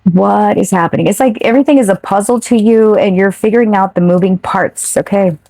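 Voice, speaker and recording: A woman's voice: mid-range voice, a little fast, warm tone, dry recording. A woman giving a casual, chatty tarot reading straight to her viewers, now and then swearing offhand. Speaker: tarot reader.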